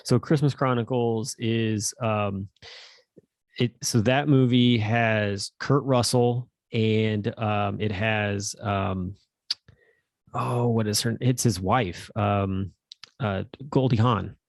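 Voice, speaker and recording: A man's voice: on the low side, steady tone, slow pace, creaky, dry recording, studio quality. A man co-hosting a podcast, chatting casually and rambling with lots of fillers. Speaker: podcast co-host.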